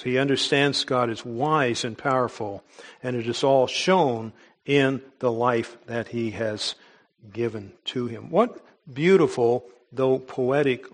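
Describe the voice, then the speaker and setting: A man preaching a sermon in an earnest, emphatic way, with small restarts as he goes. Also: medium pitch. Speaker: pastor.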